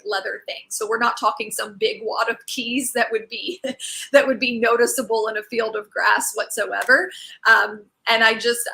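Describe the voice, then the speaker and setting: A woman's voice: on the high side, vocal fry, pushed and bright, poor audio. A woman casually telling a personal story in a rambling way, with many fillers and restarts. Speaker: host sharing a personal story.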